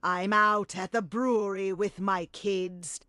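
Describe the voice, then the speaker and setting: A synthetic voice reads viewer messages slowly and evenly. The tone is smooth and clean, with a dry, close sound. There is no human variation in the delivery. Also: mid-range voice, fairly even intonation, pushed and bright, no echo. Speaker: text-to-speech donation reader.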